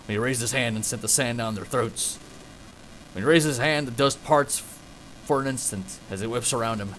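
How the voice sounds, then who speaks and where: A man voicing a grizzled cowboy narrator in a put-on Texan drawl, reading game narration slowly and low. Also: fairly bright tone, slight background noise, natural voice. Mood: grave. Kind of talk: game narration read aloud.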